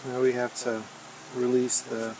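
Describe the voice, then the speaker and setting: A man casually talking through a repair step by step, in a plain, unhurried way as he works in a garage. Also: mid-range voice, completely flat delivery, noisy background. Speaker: mechanic demonstrating repairs. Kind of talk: casual step-by-step how-to instruction.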